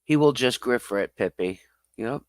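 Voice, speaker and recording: A man's voice: mid-range voice, lively intonation, moderate pace, no room sound. A man streaming live, reading chat comments aloud and answering them bluntly. He swears freely, laughs often and talks straight back to his viewers.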